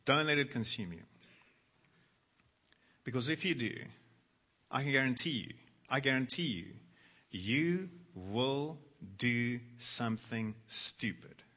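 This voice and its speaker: A man preaching a sermon, reading scripture and swinging dramatically between soft, low passages and loud, impassioned ones. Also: lively intonation, takes it slowly, long pauses. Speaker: pastor. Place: church.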